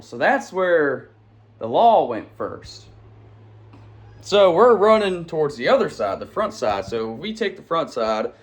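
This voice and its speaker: A man telling a long story to camera in a casual, rambling, slangy way, with chuckles between lines. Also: a little high. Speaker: channel host and storyteller. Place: at home with pets nearby.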